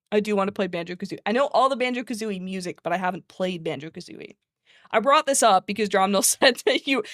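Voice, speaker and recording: Woman, streamer, casual chat, laughs a lot, swears, middle pitch, dry mic. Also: dry recording. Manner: rambling, laughs often, swears freely.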